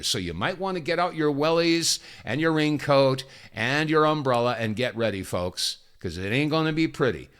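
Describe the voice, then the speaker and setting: A man's voice: medium pitch, a bit bright. A man hosting a talk radio show, delivering an emphatic, opinionated monologue with folksy asides and repeated phrases.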